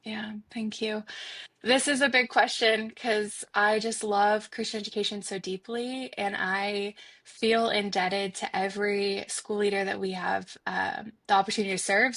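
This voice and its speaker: A woman's voice: medium pitch, level tone, unhurried, fairly bright tone, dry recording. A woman guest on a podcast interview, speaking in an earnest, heartfelt way with frequent restarts. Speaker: guest, foundation institute director.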